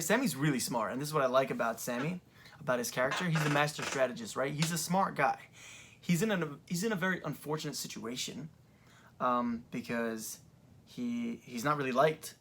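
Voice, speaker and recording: A young adult man talking through events in a casual commentary vlog, rambling with lots of fillers, seated in a creaky chair. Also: mid-range voice, a bit bright. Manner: rambling, filler-heavy retelling. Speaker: wrestling fan reviewer.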